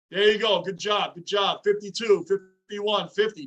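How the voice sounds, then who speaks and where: Excitable high-voiced man yelling at hockey. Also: moderate pace, hardly any pauses. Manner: excitable, yells at the game. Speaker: livestream host reacting to a hockey game. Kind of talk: live game reaction with chat shout-outs. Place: home basement.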